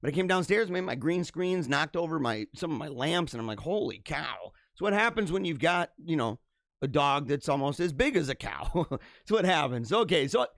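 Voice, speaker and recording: A man's voice: a little high, lively intonation, brisk, fairly bright tone, no room sound. A man hosting a casual live stream from a home basement studio, rambling and laughing often as he comments.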